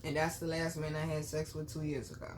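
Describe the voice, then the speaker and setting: A woman vlogger telling her own story to viewers, blunt and full of swearing, dropping to low murmurs and then bursting out loud. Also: fast talker, slight background noise. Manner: blunt, profane, animated storytelling. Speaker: spiritual reader and vlogger. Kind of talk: candid storytime chat to viewers.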